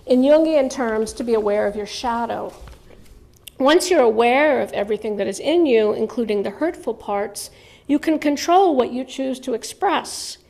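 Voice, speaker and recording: A woman writer gives a reflective lecture, leaning on key words with quiet conviction. Her voice sits a bit high and carries a gravelly fry at the ends of phrases. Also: expressive, normal speed. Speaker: writer giving a talk. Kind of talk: spoken lecture on religious texts.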